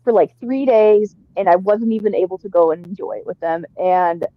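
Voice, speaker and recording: A woman's voice: medium pitch, moderate pace. A woman joining a casual livestream chat, teasing and bantering playfully. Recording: slightly dull lo-fi sound.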